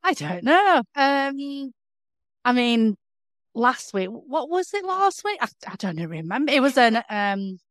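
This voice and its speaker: Woman, podcast co-host, smooth clear voice, hesitant with fillers, dry sound. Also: fairly high pitch, big pitch swings, unhurried, dry recording. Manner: hesitant, lots of fillers, laughs easily. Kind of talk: casual chat.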